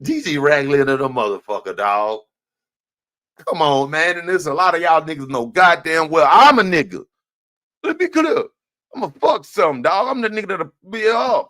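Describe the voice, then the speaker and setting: A man's voice: on the high side, lively intonation, moderate pace, fairly bright tone, no echo. A man, ranting heatedly and profanely as a live stream host. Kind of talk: casual ranting commentary.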